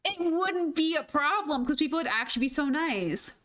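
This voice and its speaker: High-voiced chatty woman. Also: normal speed. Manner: chatty, animated, laughs and swears freely. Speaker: gaming streamer. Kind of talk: casual storytelling while gaming.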